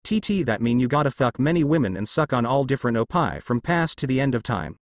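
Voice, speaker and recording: A man's voice: medium pitch, big pitch swings, quick pace, dry recording. A man voicing a brash, lecherous teenage boy who stammers on his first words.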